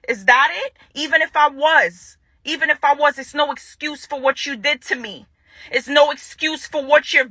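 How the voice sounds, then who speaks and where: A woman's voice: sits high, bright, forceful tone, no room sound. A young woman angrily confronting someone in an unscripted video statement, repeating lines for emphasis. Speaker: vlogger making a public statement. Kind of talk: unscripted direct-to-camera statement.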